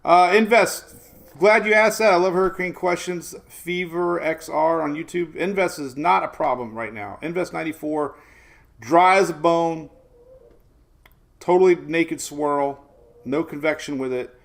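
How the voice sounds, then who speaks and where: A man's voice: fairly high pitch, a little slow, creaky. A man in his forties hosting a casual live weather stream, chatty and rambling, laughing often and greeting viewers by name. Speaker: weather show host.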